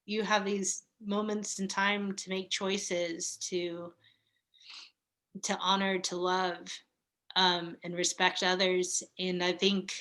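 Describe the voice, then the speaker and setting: Woman in her thirties, unhurried and earnest, bright voice, gentle heartfelt conversation. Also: lowish voice. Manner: slow, reflective, with soft laughs and pauses. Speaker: guest. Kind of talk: casual heartfelt chat.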